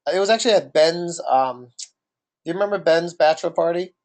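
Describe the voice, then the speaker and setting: A man's voice: fairly high pitch, moderate pace, darkish tone. A man with a New Jersey accent co-hosting a casual podcast, talking in a rambling, questioning way. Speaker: podcast co-host.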